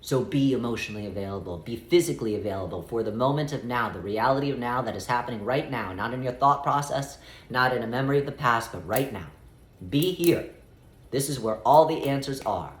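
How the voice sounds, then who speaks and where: A man of middle pitch who gives calm spiritual guidance and speaks as "we" throughout. He talks in a measured way and slows down to stretch out key phrases. His voice rings a little in a room with noticeable echo. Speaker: spiritual teacher.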